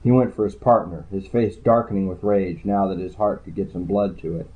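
A man narrating a hardboiled crime story in the first person, with a dry, low-key delivery. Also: steady tone, brisk, warm tone. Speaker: audiobook narrator. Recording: tinny phone-like sound.

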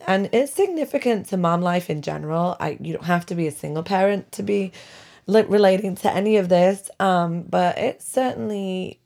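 A woman's voice: lowish voice, gravelly, a little mellow. A woman hosting her own podcast from her bedroom, chatting casually and wryly, laughing often as she vents. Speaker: podcast host. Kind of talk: casual solo podcast chat. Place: bedroom at home.

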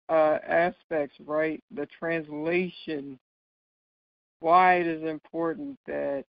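A man's voice: fairly high pitch, dry recording. A man teaching a Bible study lesson, explaining patiently and checking in often with his listeners. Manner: checks in often with "right?" and "okay?"; explains patiently with light laughs. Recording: dull, dry lo-fi recording.

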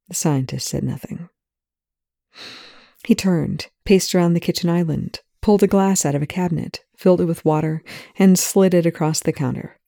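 A narrator reading fan fiction aloud with a slight lisp, measured and even. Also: mid-range voice, creaky, dry recording, studio quality.

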